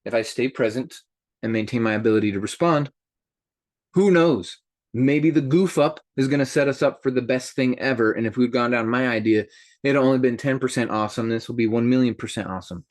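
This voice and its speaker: Guy hosting a motivational group call, mid pitch, dry close sound, keeps asking the group stuff. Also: a little fast, dry recording. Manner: animated, addresses listeners directly. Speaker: host.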